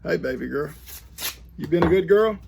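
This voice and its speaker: Outdoors on his farm, a grandfather vlogger chats casually through viewer letters, rambling folksily and turning to address his grandchildren mid-sentence. He sounds a little high, gravelly and expressive at a moderate pace, with the high frequencies cut off.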